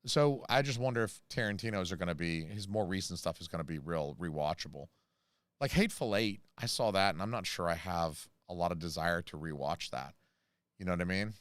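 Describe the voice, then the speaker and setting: Rambling American man, low and smooth. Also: brisk, no echo, clean studio sound. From United States. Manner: rambling, jokey, many fillers and asides. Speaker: channel host reading live chat. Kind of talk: casual livestream chat.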